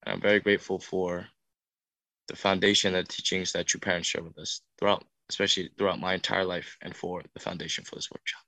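A man's voice: low voice, little pitch movement, quick pace, pushed and bright, dry recording. A young man who leads youth workshops, telling a heartfelt testimony in an earnest, emotional way that builds in intensity. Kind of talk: testimony talk.

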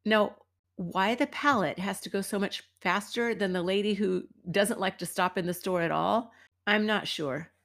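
A middle-aged woman from the United States hosts a podcast and tells a casual story with a wry edge. Her voice sits at a middle pitch, and she sounds chatty and at ease. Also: moderate pace, vocal fry, a bit bright. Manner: chatty and wry, acts out quoted people. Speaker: podcast host and dance teacher.

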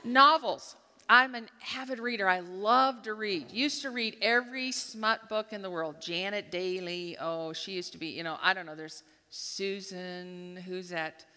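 A woman giving a devotional talk at a church gathering, telling a lively personal story and acting out her own thoughts as she goes. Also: medium pitch, unhurried, clean tone. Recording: long hall reverb.

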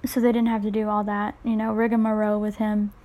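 A young woman talking solo on her podcast, wandering off topic and poking fun at herself with quick jokey asides. Her voice sounds congested and a little nasal from her sinuses, sitting at an ordinary middle pitch for a woman. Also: completely flat delivery, mellow. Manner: rambling, self-deprecating, jokey asides. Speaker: podcast host. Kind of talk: casual solo podcast chat.

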